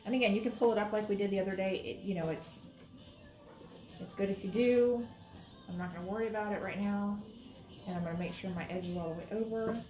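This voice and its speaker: A woman's voice: medium pitch, very fast, music in the background. A woman teaching quilting in a casual demonstration, chatty and reassuring as she talks while she works at her sewing station. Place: sewing room, moving between workstations.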